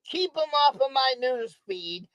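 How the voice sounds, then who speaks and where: A woman's voice: high voice, lively intonation, unhurried, a bit bright, no echo, lo-fi sound. A woman streamer on a profane, angry monologue who hammers on the same words again and again. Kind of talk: ranting monologue. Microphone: streaming microphone.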